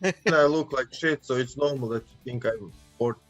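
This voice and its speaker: A man's voice: mid-range voice, normal speed, a bit bright, faint music behind. A man in his forties, a guest on a casual livestream, talking in a laid-back way. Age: 40s.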